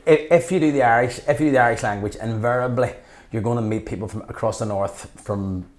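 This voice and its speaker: There's slight background noise as this fast-talking man with a mid-range voice speaks. In his fifties and from Belfast by accent, he's an interview guest who spins passionate, animated stories, acting out people's words.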